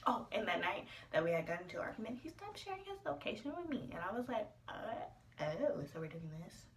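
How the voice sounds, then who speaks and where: A woman's voice: medium pitch, big pitch swings, fast talker, distant mic, slight background noise. A sad young woman telling a breakup story in a casual storytime, rambling with lots of fillers and sometimes dropping into a whisper. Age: young adult. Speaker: vlogger.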